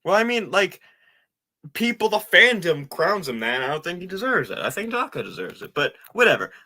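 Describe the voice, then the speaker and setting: A man's voice: sits high, very animated, fairly quick, pushed and bright. A man chatting casually with a friend on stream, joking and giving his opinions freely. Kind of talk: casual chat.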